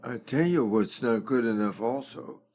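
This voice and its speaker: An older man, a fundraising expert, talking slowly and deliberately as a guest in a conversational interview. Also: medium pitch, darkish tone.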